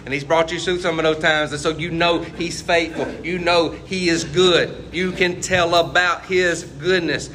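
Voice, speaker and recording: Bright-voiced preacher man. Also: fairly high pitch, fairly even intonation, unhurried, few pauses, a little hiss or hum. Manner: conversational preaching with rhetorical questions. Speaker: pastor. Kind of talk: sermon.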